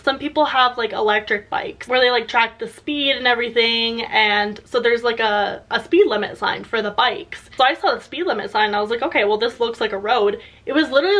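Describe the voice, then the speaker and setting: A young woman in her twenties telling a story casually, animated, laughing often, with many filler words. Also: fairly high pitch. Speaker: YouTuber.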